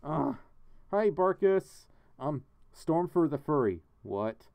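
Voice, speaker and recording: A man on the high side, very animated yet slow-paced, with a gravelly voice and dull audio, hosts a casual livestream from his home studio. He chats with viewers, reads donations and chat aloud, thanks donors, and giggles often.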